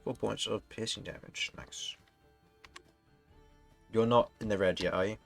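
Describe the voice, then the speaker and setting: A man's voice: lowish voice, fairly even intonation, a little slow, creaky, soft background music. A man narrating as dungeon master, businesslike and steadily prompting the players for their rolls. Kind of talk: narrating a tabletop game.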